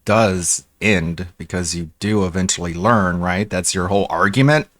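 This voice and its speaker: A man's voice: deep voice, normal speed, fairly bright tone, no room sound. A man streaming live, reacting to a video with dry, sarcastic heckling.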